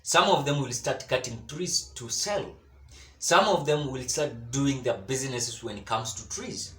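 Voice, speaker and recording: A man's voice: medium pitch, a little slow, fairly bright tone, roomy sound. A Kenyan man giving solo political commentary, emphatic and repetitive, often stumbling over repeated words.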